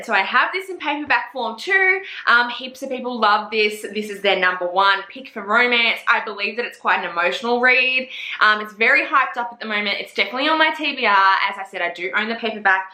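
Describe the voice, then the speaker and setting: A young Australian woman with an Australian accent, chatting casually and profanely about books to camera, animated and gossipy. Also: a little high, echoey room. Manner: profane, gossipy and animated, acting out her own reactions. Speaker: book reviewer. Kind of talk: casual book chat to camera.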